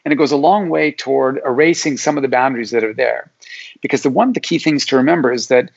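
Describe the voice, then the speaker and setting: Talking fast in a mid-range voice that's gravelly and slightly rough, this middle-aged man from Alaska, USA, a psychology professor, explains concepts as a guest in a relaxed interview, voicing what hypothetical people might say. The recording is dull lo-fi audio.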